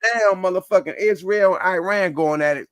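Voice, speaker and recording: A man co-hosting a casual podcast discussion, telling things in an animated, loose, profane way. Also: high voice, normal speed, no echo, clean studio sound. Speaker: co-host.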